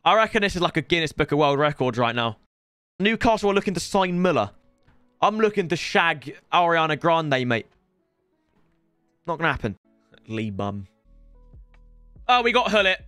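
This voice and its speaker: A young man streaming for hours on a headset mic, tired, swearing and bantering with sudden shouts. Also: a little high, big pitch swings, normal speed, long pauses, clear, resonant tone, dry recording, faint music behind. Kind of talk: casual live-stream chat.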